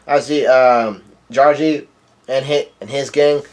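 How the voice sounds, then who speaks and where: A man's voice: medium pitch, steady tone, takes it slowly, a little mellow. A man reading a comic chapter aloud with casual commentary, reading the dialogue in a plain, offhand voice. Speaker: manga chapter reader.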